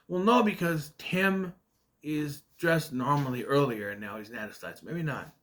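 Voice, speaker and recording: A man's voice: medium pitch, expressive, a bit bright. Rambling man recapping an old sitcom. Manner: rambling, quotes characters in quick asides. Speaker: retro TV show reviewer. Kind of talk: casual episode recap.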